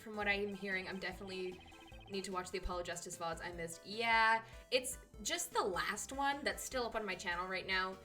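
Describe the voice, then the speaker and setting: A woman's voice: medium pitch, fairly quick, bright, forceful tone, soft background music. A woman streamer in casual chat who giggles often and swears now and then.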